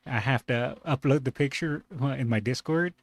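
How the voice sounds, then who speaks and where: A man with a mid-range voice reacts to a clip, musing aloud in a relaxed, easygoing way and laughing often. The recording is close and dry, with no room sound. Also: medium pitch, normal speed, no echo. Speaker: reaction video host. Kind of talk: casual reaction commentary.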